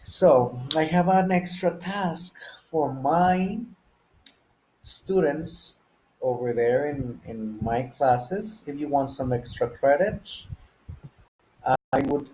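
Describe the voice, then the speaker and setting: Slow, patient male English teacher. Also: a little high, warm tone, slight background noise, low-quality recording. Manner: slow, patient, asks learners to guess and repeat. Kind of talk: beginner English lesson.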